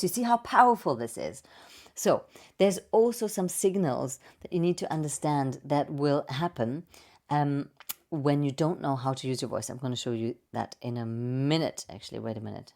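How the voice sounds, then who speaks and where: A woman voice coach giving a playful, expressive presentation with slides and vocal demonstrations. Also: very deep voice, normal speed. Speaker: voice and speaking coach.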